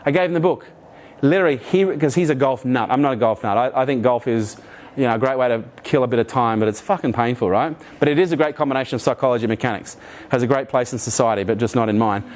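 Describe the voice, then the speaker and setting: A man's voice: medium pitch, quick pace. A middle-aged Australian man giving a keynote talk to an audience, telling a story with energy and frequent swearing. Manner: energetic, swears freely, animated retelling. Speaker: keynote speaker. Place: in front of a live audience.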